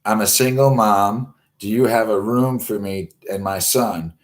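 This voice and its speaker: A man's voice: fairly low pitch, a little slow, pitched above the performer's own voice, lightly acted. A man voicing a pushy woman fan who pleads and insists on getting a room. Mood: pleading.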